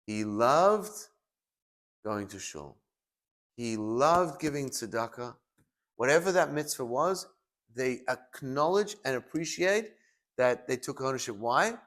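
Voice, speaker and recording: Male rabbi, sermon delivery, animated storyteller who acts out the voices he quotes. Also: medium pitch.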